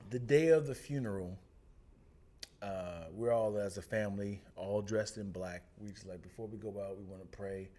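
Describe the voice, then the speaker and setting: A man's voice: on the low side, normal speed. A man co-hosting a podcast, telling stories in casual chat and acting out the people in them. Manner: animated, acts out voices while telling stories. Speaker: podcast co-host.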